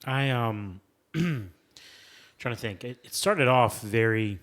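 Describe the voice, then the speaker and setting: A man's voice: mid-range voice, lively intonation, slow pace, fairly bright tone. A man co-hosting a podcast, giving candid opinions in a laid-back casual chat. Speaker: podcast co-host.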